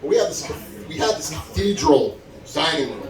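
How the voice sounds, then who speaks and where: A man telling a stand-up story at a comedy club open mic, acting out the people he quotes with big jumps in his voice. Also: normal speed. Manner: animated, acts out quotes with big pitch jumps. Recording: echoey room, mic from far, crowd audible. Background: audience laughing.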